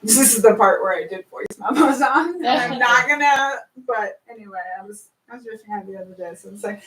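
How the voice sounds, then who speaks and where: A woman pitching her musical in casual chat, breaking into sung and chanted lyrics. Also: animated, fast, few pauses, a bit bright, distant mic. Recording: roomy, from off mic.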